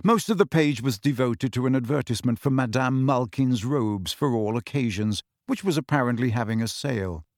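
A man giving steady, even storybook narration as an audiobook reader. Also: medium pitch, normal speed, hardly any pauses, no echo, studio quality.

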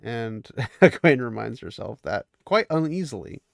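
In a clean studio recording with no echo, a book recap host goes over a fantasy novel in a casual, chatty manner, laughing at the story and voicing the characters lightly. He's a man with a medium-pitched voice and vocal fry, very animated yet speaking at a measured pace.

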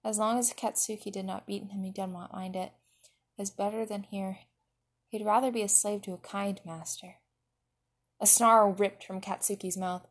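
Woman reading a story out loud, middle pitch, expressive. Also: moderate pace. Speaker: reader. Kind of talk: reading fan fiction aloud.

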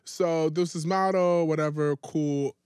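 A man's voice: on the high side, fairly even intonation, unhurried, a little mellow, smooth, dry recording, clean studio sound. A man co-hosting a casual gossip chat, teasing and telling stories dramatically. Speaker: podcast co-host.

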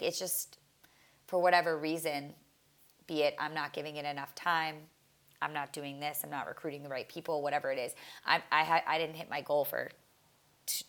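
Young woman podcast host, lowish gravelly voice, heartfelt rambling delivery. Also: fairly bright tone. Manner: casual, heartfelt, rambling with frequent restarts and fillers. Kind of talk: reflective solo podcast monologue.

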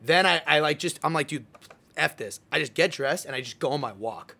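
A young man hosting a casual chat, telling a story in an animated way and acting out his own words. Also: a little high, fast talker, vocal fry. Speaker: podcast host.

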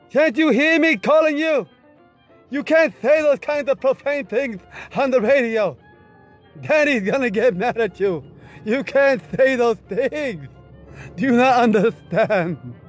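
A panicky, excitable man scolds a friend in a theatrical rush of worry, as a man puts him on. The voice is extremely high and deliberately slow, with faint music beneath. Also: full character voice. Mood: scolding. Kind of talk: comedic character voice message.

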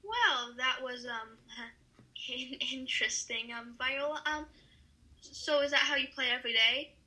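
A woman's voice: high voice, a little slow, bright, forceful tone, low-quality recording. A woman hosting a comedy sketch interview, asking chirpy, eager questions. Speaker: podcast host.

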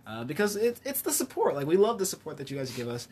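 A man co-hosting a podcast in casual chat, slangy and quick to laugh, often losing his train of thought. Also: fairly high pitch, big pitch swings, a little mellow, a little hiss or hum. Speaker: podcast co-host.

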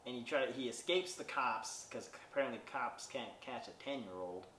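A man's voice: medium pitch, normal speed, sharp tone. Rambling man in a roomy room. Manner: rambling, filler-heavy, wry asides. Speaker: podcast host reviewing a movie. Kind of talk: casual spoken movie recap. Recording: roomy sound, distant from mic, faint background noise.

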